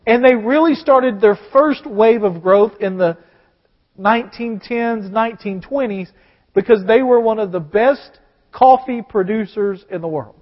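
A man's voice: high voice, a little slow. A man with a Southern US accent preaching a sermon, talking conversationally and then building to emphatic proclamations. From American South. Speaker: pastor. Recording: dull sound with long hall reverb.

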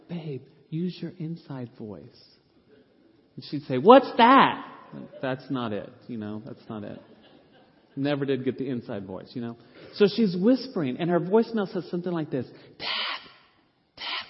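A middle-aged man, a pastor, telling an animated, self-deprecating story from the pulpit and acting out the people he quotes. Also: medium pitch. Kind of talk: storytelling sermon. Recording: reverberant hall, dull lo-fi sound.

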